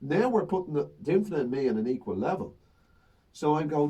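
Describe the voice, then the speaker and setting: Comic, animated storyteller, husky voice, mic set back from him. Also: male voice, fairly high pitch, fairly quick, far from the mic. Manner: animated storytelling, acts out crowd banter. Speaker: stand-up comedian. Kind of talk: casual chat.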